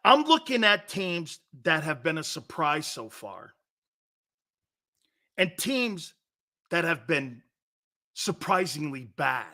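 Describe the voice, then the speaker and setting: A man's voice: a little high, big pitch swings, slow, pauses often, pushed and bright. A middle-aged man hosting a sports talk show, chatting casually, laughing often mid-sentence and firing questions at his crew. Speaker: sports radio host.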